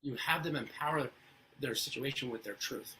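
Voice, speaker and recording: A man's voice: medium pitch, normal speed, sharp tone, slight background noise, low-quality recording. A man telling personal stories as an interview guest, earnest and fond of rhetorical questions. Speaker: guest speaker on parenting. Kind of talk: casual storytelling interview.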